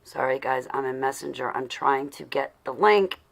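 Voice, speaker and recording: Speaking at an ordinary pace in a bass-range voice with vocal fry, a woman runs a relaxed livestream. She talks to her viewers and mutters under her breath while searching for something, sounding flustered but sending fond shout-outs.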